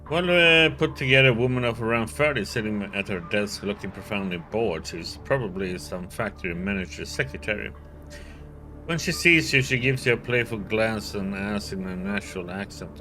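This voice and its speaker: A man's voice: on the low side, moderate pace, bright, forceful tone, faint music behind. A man playing a role-playing game and reading its text and dialogue aloud in a casual way. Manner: reads out all the characters in a light, casual way. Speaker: let's play streamer.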